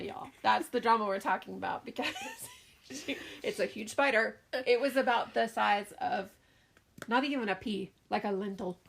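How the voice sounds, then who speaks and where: A middle-aged mother co-hosting a podcast shares a family story in relaxed conversation, animated and laughing often. Her voice is a little high, creaky, and slightly rough.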